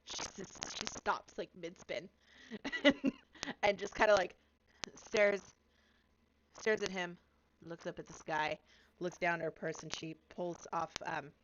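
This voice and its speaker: A woman's voice: on the low side, little pitch movement, takes it slowly, pauses often, highs cut off, background noise. A woman playing a tabletop game, giggly and hesitant as she describes her character's actions. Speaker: player.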